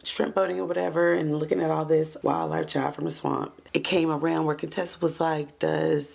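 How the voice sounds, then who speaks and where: Woman, casual recap host; low, raspy, breathy tone, sassy delivery. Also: level tone, fairly quick, a little mellow. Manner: chatty, sassy, says "child" and "moving on" often.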